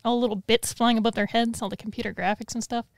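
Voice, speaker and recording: A woman co-hosting a podcast in casual chat, animated and laughing, swearing freely. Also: on the high side, fast talker, no room sound. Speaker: podcast co-host.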